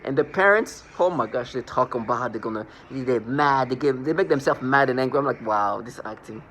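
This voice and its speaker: A man's voice: medium pitch, a little fast, fairly bright tone, a little hiss or hum. A man rambling through a scornful personal monologue, restarting and repeating words as he goes. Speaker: vlogger.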